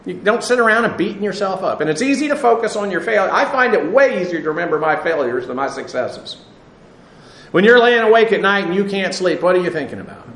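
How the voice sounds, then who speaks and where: A man teaching a Bible lesson in sermon style, explaining Greek words slowly with many filler sounds. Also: high voice, sing-song, a bit bright. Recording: echoey room sound.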